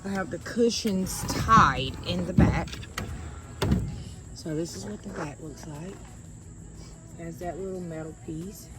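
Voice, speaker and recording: Setting up patio furniture outdoors, a lifestyle vlogger chats in a relaxed way to her viewers in a casual sponsored vlog, a little out of breath. Her voice is lowish and slow with frequent pauses. The recording is very noisy, with background music, and she sometimes drifts far from the mic.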